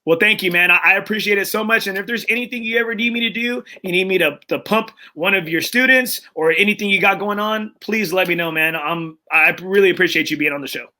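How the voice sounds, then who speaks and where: A man hosts a casual podcast in a high, bright voice. He talks earnestly and emotionally, often restarting his sentences and leaning on fillers. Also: fast, few pauses. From Texas. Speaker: podcast host.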